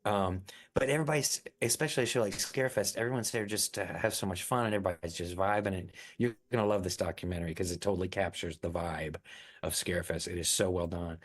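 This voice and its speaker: A middle-aged actor talking as an interview guest, upbeat and chatty. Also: male voice, low-pitched, fast talker. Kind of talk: casual interview chat.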